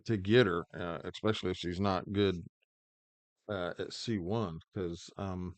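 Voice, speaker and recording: A man's voice: sits low, steady tone, unhurried, dry recording. A man hosting his own gaming channel, rambling through mobile game commentary with lots of fillers and restarts. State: hiccups.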